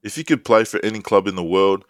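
A man, co-hosting a podcast and telling stories in a jokey, animated way. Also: on the low side, fast, clear, resonant tone, no room sound. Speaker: podcast co-host. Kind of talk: casual chat.

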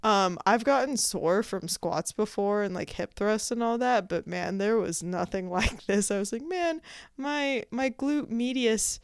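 A woman's voice: mid-range voice, moderate pace, few pauses, a little hiss or hum. A young adult woman hosting a podcast. She tells a story in casual, self-mocking chat, laughs often and acts out her own thoughts. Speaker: podcast host.

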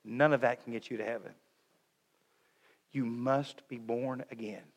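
A middle-aged man preaching a sermon, swinging between loud urging and hushed, tender lines. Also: mid-range voice, steady tone, unhurried, gravelly. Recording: long hall reverb.

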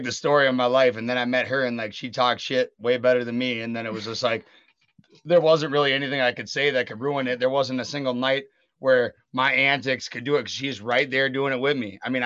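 A man tells self-deprecating stories in a loose, joking way. His voice is bright and forceful. The recording is dry and slightly dull, with a lo-fi edge. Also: mid-range voice, steady tone, a little fast, dry recording. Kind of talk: casual chat. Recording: dull lo-fi sound.

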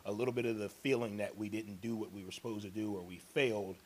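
A man, a college football coach, answering press conference questions in a measured, explanatory way with frequent ums. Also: lowish voice, fairly even intonation, darkish tone, breathy edge.

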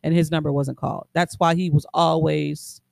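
A man's voice: a little high, level tone, normal speed, vocal fry, no echo. A man co-hosting a casual sports podcast, laid-back and rambling, tripping over names. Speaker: podcast co-host.

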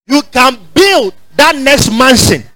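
A Ghanaian man preaches with a high, ringing voice, leading his congregation in call and response. He repeats his points for weight and climbs into shouts at the peaks. The sound is close and dry, with little room echo. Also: expressive, takes it slowly. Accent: Ghanaian English. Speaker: pastor. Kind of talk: sermon.

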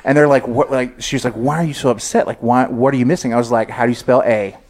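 A man's voice: medium pitch, fast talker. Man, podcast host, casual storytelling, acts out quotes. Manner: animated, acts out quotes in his stories.

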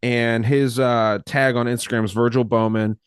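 A man's voice: mid-range voice, level tone, moderate pace, clean tone, no echo, clean studio sound. A man hosting a casual podcast chat, rambling and swearing casually while reading from his notes. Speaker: podcast host.

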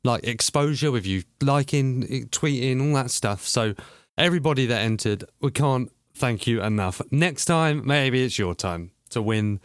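A man's voice: mid-range voice, expressive, normal speed, dry recording, studio quality. A man co-hosting a podcast, joking and swearing freely in casual banter. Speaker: podcast co-host.

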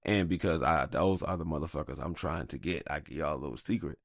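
A man's voice: extremely low pitch, fast talker, vocal fry, dry recording, clean studio sound. A man hosting a podcast, talking in a candid, rambling, profane monologue. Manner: candid, rambling, heavy swearing. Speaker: podcast host.

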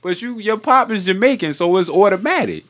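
A woman from Philadelphia with a Philadelphia accent, hosting a casual chat in a playful way with quick interjections. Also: mid-range voice, expressive.

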